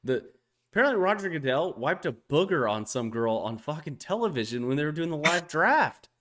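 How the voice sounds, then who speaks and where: Animated, foul-mouthed man chatting. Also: brisk. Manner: profane, animated storytelling, jumps high when quoting others. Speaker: podcast co-host. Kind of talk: casual chat.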